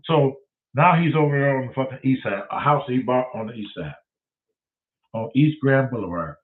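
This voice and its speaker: A man, hosting and telling a profane, animated story, acting out both sides of the conversation. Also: medium pitch, moderate pace. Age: 60s. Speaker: host. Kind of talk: casual storytelling. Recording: tinny phone-like sound.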